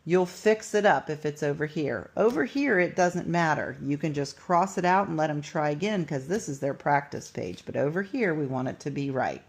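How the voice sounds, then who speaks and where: Woman teacher, low gravelly voice, unhurried, patient instructional delivery. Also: expressive. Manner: patient, step-by-step, sounds out words slowly. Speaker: teacher demonstrating a writing lesson. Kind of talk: instructional walkthrough.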